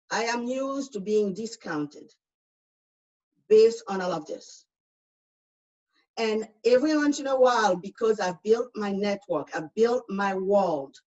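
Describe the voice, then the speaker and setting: A woman's voice: mid-range voice, distant mic, highs cut off. A woman with a foreign accent gives outspoken, emphatic personal testimony as a speaker in a panel discussion over a video call.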